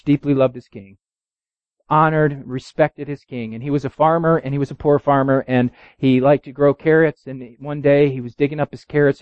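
A man preaches a sermon, telling a story and reading scripture as his voice swings from loud and high to low and quiet. The recording is dull, dry and lo-fi, with no room sound.

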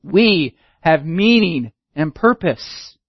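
A man's voice: on the high side, lively intonation, slow pace, breathy edge, no echo, lo-fi sound. A man preaching a teaching sermon, emphatic and repeating key phrases for his listeners. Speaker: pastor.

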